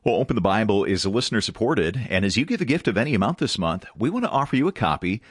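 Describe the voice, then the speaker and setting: A man's voice: on the low side, sing-song, fast talker, husky, no echo, studio quality. A man hosting a radio program in a friendly, conversational announcing style.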